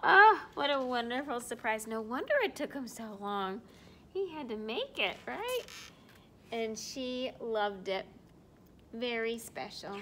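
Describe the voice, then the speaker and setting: A woman reading a picture book aloud to young children, animated and drawn-out, asking her listeners questions. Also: a little high, slight background noise. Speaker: storyteller for children.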